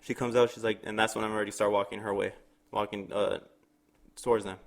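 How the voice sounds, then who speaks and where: A man's voice: on the low side, fast talker, vocal fry. Young guy on a podcast, telling a wild story, doing everyone's lines, cussing a lot. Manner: animated storyteller, acts out quotes, swears freely. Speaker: podcast co-host. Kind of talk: casual storytelling chat.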